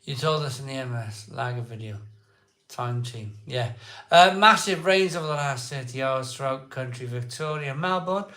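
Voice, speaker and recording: An excitable man hosting a casual live stream, chatting with viewers, repeating himself and laughing often. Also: mid-range voice, moderate pace, echoey room. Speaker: live-stream beer show host. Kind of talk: casual live chat reading viewer comments.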